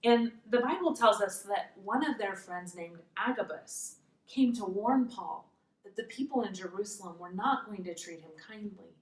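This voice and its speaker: A woman teaches a preschool Bible lesson, telling the story in simple, patient sentences for small children. Her voice sits at an ordinary pitch for a woman. The room is echoey and she sounds some distance from the mic. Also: expressive, moderate pace. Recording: roomy echo, mic far off.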